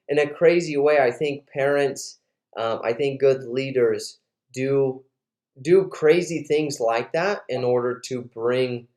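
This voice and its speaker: Male host, casual and animated, recorded in a roomy space. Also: mid-range voice. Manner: animated storyteller, lots of fillers. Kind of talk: casual interview storytelling. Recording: roomy echo.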